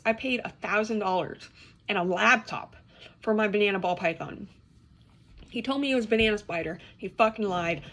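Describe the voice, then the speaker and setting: A woman's voice: mid-range voice, fairly bright tone. A young woman rants to the camera about keeping reptiles. She swears, restarts her sentences and sounds exasperated. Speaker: reptile keeper. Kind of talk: ranting to camera.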